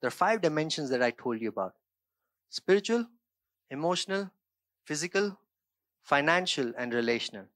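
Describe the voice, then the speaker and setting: A man's voice: mid-range voice, animated, fast, few pauses, a bit bright, no echo. A male pastor from India preaching a sermon in an emphatic, building manner. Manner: emphatic, preaching with rising intensity.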